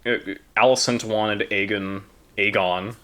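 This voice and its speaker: A young American man co-hosting a casual podcast chat, relaxed and joking. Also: fairly low pitch, brisk. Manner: relaxed, joking, mock impressions of characters. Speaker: podcast co-host.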